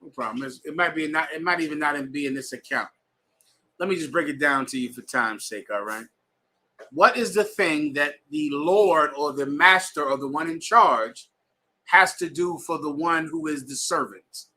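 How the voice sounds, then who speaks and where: A man's voice: on the high side, normal speed, sharp tone. A man teaching a bible class to students in a room, emphatic and slangy, telling readers to keep going. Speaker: scripture class instructor.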